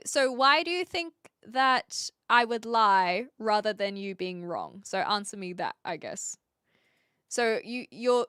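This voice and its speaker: A woman streamer talking casually on a live reaction stream, quick to get exasperated and argue back at her chat. Her voice is bright, smooth and a little high. The sound is dry and close. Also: no echo.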